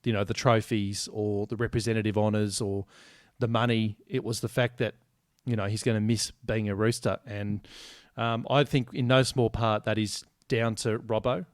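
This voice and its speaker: Man, sports podcast co-host, low voice, dry close mic, blunt, jokey, swears. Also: level tone, normal speed, no echo. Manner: blunt, joking, swears freely. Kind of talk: casual sports podcast chat.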